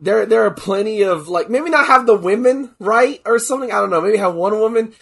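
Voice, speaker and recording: Guy with a high voice, kinda hoarse from being sick, excitable, swears a lot, laughs easy. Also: a little fast. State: voice cracking from illness. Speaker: podcast co-host. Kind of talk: casual chat.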